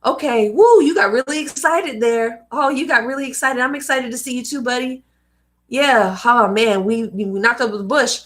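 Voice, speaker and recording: A woman voicing a gentle, loving father who soothes and reassures his excited young son. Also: on the high side, normal speed, voice pushed up, natural voice. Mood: tender.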